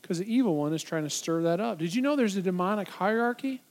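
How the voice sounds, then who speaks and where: A man preaching from the pulpit with a notably high voice. He builds his points with repeated phrases and rhetorical questions, speaking emphatically to the congregation. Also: lively intonation, fast talker. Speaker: pastor. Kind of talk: sermon.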